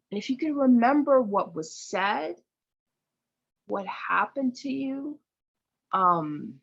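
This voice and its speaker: A woman's voice: medium pitch, a bit bright. A woman leading a group call as an intuitive healer, explaining in a casual teaching way and often tagging her points with "right?". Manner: conversational, often tags "right?". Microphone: video call. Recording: dull lo-fi call audio.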